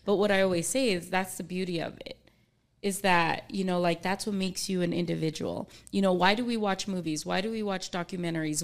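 A woman hosting a podcast, chatty and reflective, with chuckling asides. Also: fairly low pitch. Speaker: podcast host. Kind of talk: casual conversation.

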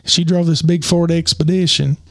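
A man telling a rambling personal story with lots of fillers, his voice getting hoarse. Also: fairly high pitch, level tone, moderate pace. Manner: rambling, many fillers and restarts. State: losing his voice. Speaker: podcast host. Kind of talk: casual storytelling.

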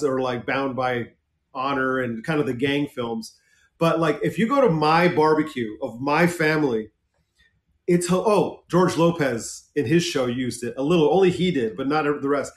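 Animated man in an echoey room. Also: fairly high pitch. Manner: animated, emphatic, many restarts. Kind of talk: casual conversation.

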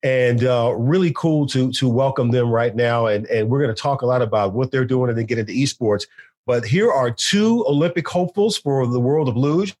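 A male sports broadcaster hosts a podcast in a chatty, animated style, dropping fillers as he goes. His voice is mid-range in pitch, heard over a video call. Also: normal speed. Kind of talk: casual podcast talk and interview.

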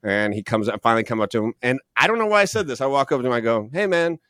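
Guy on a podcast telling a story all animated, jumps around in pitch, dry studio sound. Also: racing, no room sound. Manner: animated, acts out quoted voices. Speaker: guest, actor and radio host.

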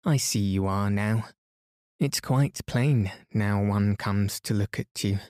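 A man's voice: lowish voice, takes it slowly, darkish tone, no echo, clean studio sound. A man reading the lines of an eager young girl in a bedtime story, lifting his voice a little as she pleads and agrees.

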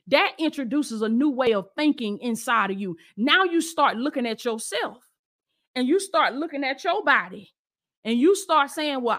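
A woman's voice: high-pitched, a bit bright. A woman preaching to her online audience, emphatic and repetitive, calling listeners to stand firm. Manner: emphatic, repeats rallying calls, speaks to listeners directly. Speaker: Christian lifestyle coach and preacher.

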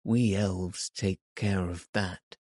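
A man's voice: sits low, steady tone, takes it slowly, a little mellow, no echo. A man voicing a small, proud and touchy male elf in a storybook reading, with a dry voice. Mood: lordly.

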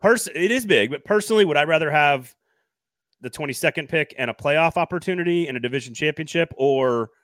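A man's voice: fairly high pitch, fairly quick, a bit bright, no room sound, studio quality. A man hosting a casual sports podcast, thinking aloud and hedging his points. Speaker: podcast host.

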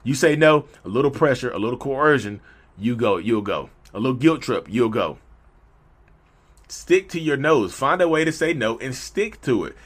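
A man talking straight to camera about saying no, animated and preachy, in slangy talk that keeps jumping into little acted-out skits. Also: mid-range voice, moderate pace. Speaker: mental health vlogger. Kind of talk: casual direct-to-camera monologue.

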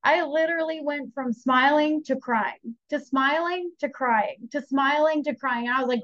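Chatty young woman, high voice, dry lo-fi sound. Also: normal speed, no echo. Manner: chatty, animated, quotes herself and others. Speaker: podcast guest. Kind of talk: candid personal storytelling. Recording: slightly dull lo-fi audio.

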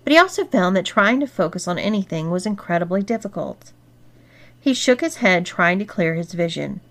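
A woman narrating an erotic story in a steady, expressive reading voice. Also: on the low side, moderate pace. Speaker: story reader.

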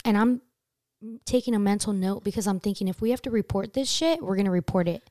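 An animated young woman tells a story on a casual chat show, swearing freely and leaping up in pitch when she acts out her own panic. Her voice is mellow and warm. It sounds dry and close, with no room echo. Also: quick pace. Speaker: podcast host telling a story.

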